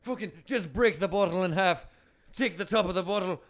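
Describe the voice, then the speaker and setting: A man's voice: high-pitched, fairly quick, fairly bright tone, voice pushed up. A man putting on a rowdy old-school Irish drinker voice, boisterous and crude. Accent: put-on Irish.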